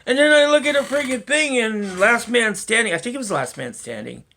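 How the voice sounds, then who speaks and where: A man's voice: very high-pitched, lively intonation, a little fast, bright, forceful tone. A man rambling through a solo vlog monologue, swearing often and chuckling to himself. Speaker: vlogger.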